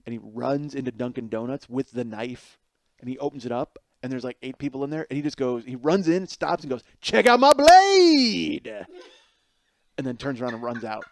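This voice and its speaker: A man's voice: medium pitch, quick pace, no echo. Profane man telling a funny story. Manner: animated, swears freely, laughs through punchlines. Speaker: podcast host. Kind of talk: comedic storytelling monologue.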